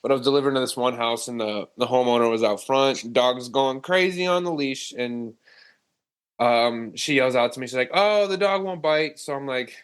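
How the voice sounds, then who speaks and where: A man's voice: medium pitch, normal speed, smooth. A young man from Ohio, a band member telling stories casually as a podcast guest, swearing freely. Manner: relaxed storyteller, swears casually. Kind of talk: casual chat.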